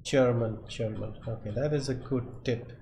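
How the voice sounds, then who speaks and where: A man's voice: mid-range voice, normal speed. A man streaming a game live, thinking aloud and muttering options to himself. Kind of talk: live gameplay commentary. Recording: echoey room, faint background noise.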